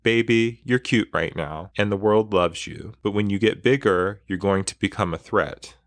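A fierce, protective young mother speaking in a low, dry-toned voice, as a man reads her lines aloud from a book. She sounds close to the mic, with no room sound around her. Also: moderate pace, dry recording, lightly acted. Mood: tender.

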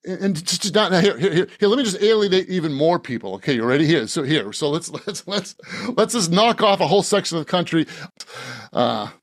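Very animated and brisk, this Boston, Massachusetts author talks as a guest on a casual podcast, rambling with lots of restarts and frequent laughter. His pitch is fairly high, and the sound is studio quality with no room sound at all.

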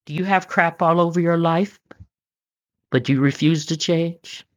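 A woman's voice: on the low side, steady tone, measured pace. A middle-aged woman hosting a podcast, telling homespun stories and jokes in a casual, folksy way and laughing often. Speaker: podcast host. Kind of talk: casual storytelling monologue. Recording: dull lo-fi recording.

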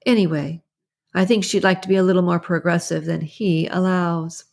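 A woman's voice: on the low side, steady tone, normal speed, vocal fry, darkish tone. A woman reading an audiobook and voicing a chatty, nosy middle-aged neighbor woman who gossips with strong opinions. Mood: gossipy. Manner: gossipy, indignant, confiding.

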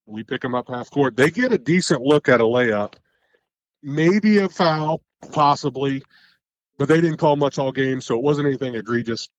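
A head coach tells a long game story on a casual podcast, animated and rambling, correcting himself as he goes. His voice is medium-pitched, with slight background noise and a rough recording.

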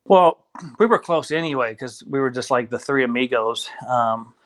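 A man, a guest on an interview show, telling his story in a casual, animated way, acting out the voices of people he quotes. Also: medium pitch, moderate pace. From Kentucky.

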